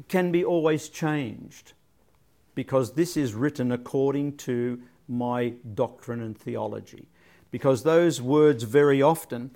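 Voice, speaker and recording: A man's voice: mid-range voice, a little mellow. A man leading a casual Bible study, thinking aloud and often repeating words as he searches for his phrasing.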